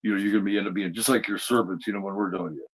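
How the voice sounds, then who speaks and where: A man's voice: fairly low pitch, fairly even intonation, rapid-fire, breathy edge, low-quality recording. A man hosting a podcast, retelling a TV episode in a casual, rambling way full of fillers and restarts. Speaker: podcast host. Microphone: streamed podcast mic.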